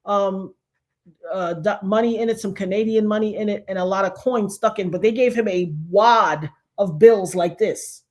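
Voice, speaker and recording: A woman hosting a casual chat, telling stories in an animated way and acting out the people she quotes. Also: mid-range voice, normal speed. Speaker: show host.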